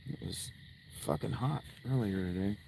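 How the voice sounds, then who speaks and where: A man's voice: on the low side, normal speed, vocal fry, mellow, slight background noise, poor audio. A man chatting casually to his livestream viewers from inside a tent outdoors, rambling and making crude jokes. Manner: crude, joking, rambling asides to chat. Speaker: live streamer.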